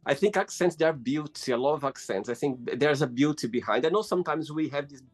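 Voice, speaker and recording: A man's voice: on the high side, breathy edge, faint music behind. Encouraging male interview host. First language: not English. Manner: encouraging, quick to agree. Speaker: podcast host. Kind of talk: casual interview chat.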